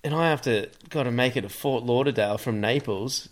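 Man, middle pitch, relaxed storytelling, laughs easily, casual chat. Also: brisk.

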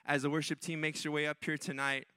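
A man's voice: fairly high pitch, little pitch movement, fast, sharp tone, clean tone, dry recording, clean studio sound. A man preaching a sermon in a church, in a repetitive call-and-response way that rises to impassioned peaks. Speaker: pastor.

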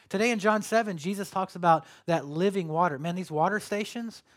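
Guy preaching a sermon, kinda high voice, gets loud then quiet real fast. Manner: animated storytelling with sudden loud bursts and quiet drops. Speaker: pastor.

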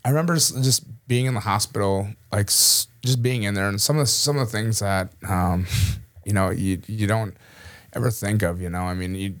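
A man's voice: lowish voice, steady tone, moderate pace. A man from Minnesota, an army veteran, telling a personal story in a casual way, chuckling often and saying "you know" a lot. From Minnesota, USA.

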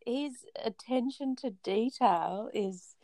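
A woman co-host on a faith podcast, warm and encouraging, often chiming in with brief affirmations. Her voice carries a gravelly fry. She is recorded close and dry, with no room echo. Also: fairly high pitch, slow pace. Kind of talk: casual faith podcast chat.

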